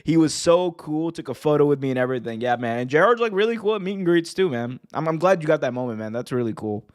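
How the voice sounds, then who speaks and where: A man hosting a wrestling podcast in casual chat, excited and laughing, stumbling over restarts and shouting out commentators' famous lines. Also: on the high side, fast, clear, resonant tone.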